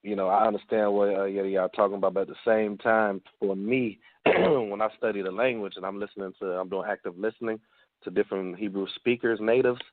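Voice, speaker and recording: A man's voice: fairly low pitch, steady tone, a little fast, no room sound. A man with a Chicago accent, a panelist in a casual radio round-table, rambling with many fillers and restarts. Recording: dry tinny phone line.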